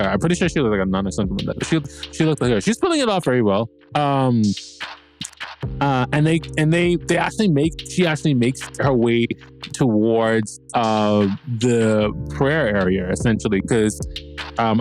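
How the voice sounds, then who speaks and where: A man hosting a podcast, recapping a TV episode in a rambling, profane, excitable way and acting out characters' lines. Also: mid-range voice. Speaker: podcast host.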